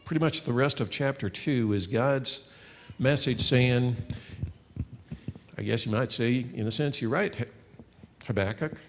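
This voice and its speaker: A man's voice: medium pitch, measured pace, pauses often, long reverb tail, slight background noise. A man teaching a sermon as a pastor, earnest and conversational, reading passages of scripture aloud.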